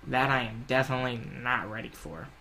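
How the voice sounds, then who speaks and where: A young man talking through a game at his desk, rambling loosely and swearing between thoughts. His voice is bright and a bit forceful, at a middling pitch. A faint hiss sits under the desk mic. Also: fairly quick. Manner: rambling, swears, panics loudly when chased. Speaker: gaming YouTuber. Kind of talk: casual gameplay commentary.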